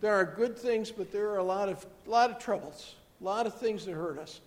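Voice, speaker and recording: High-voiced pastor preaching in a reverberant hall. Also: male voice, brisk. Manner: storytelling, drops to soft hushed tones for emphasis. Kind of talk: sermon.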